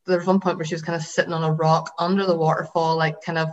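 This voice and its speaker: A woman's voice: low-pitched, flat delivery, fast, highs cut off. A woman co-hosting a podcast in casual chat, rambling with lots of fillers and the odd swear word. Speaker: podcast co-host.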